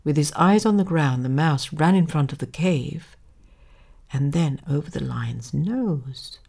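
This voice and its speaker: A woman narrating a children's fable in a dramatic, expressive way, sometimes dropping to a hush. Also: low-pitched, unhurried, vocal fry, breathy edge. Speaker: storyteller.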